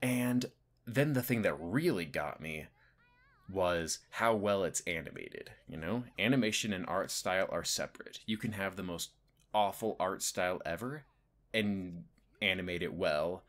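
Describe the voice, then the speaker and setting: A young man hosting a video, giving casual spoken commentary that rambles with lots of "like" and "you know" and swoops up and down in pitch. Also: animated, a little slow, a bit bright. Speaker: video host.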